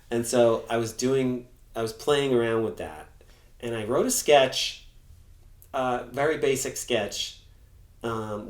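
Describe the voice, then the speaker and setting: A middle-aged man from Massachusetts with a faint local accent, a comedian guest telling stories in a lively way and acting out what people said. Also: medium pitch. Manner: animated storyteller, acts out quotes. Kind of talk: casual chat. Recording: roomy echo.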